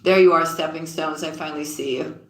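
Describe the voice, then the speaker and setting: A woman reading tarot on a live stream, casually greeting viewers by name and calling them sweetheart and sis, often dropping low and quiet mid-sentence. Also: echoey room.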